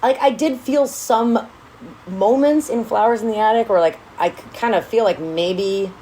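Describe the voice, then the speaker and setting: A woman co-hosting a casual book-recap podcast, swearing freely and acting out the characters in quick quotes. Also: fairly high pitch, warm tone, slight background noise, low-quality recording. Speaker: podcast co-host.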